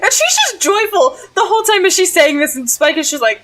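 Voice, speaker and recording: A woman's voice: sits high, big pitch swings, a little fast, few pauses, fairly bright tone, soft background music, poor audio. A young woman streamer telling a story in a casual vlog, bubbly and giggly, with many "like" fillers. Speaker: streamer recapping a role-play game.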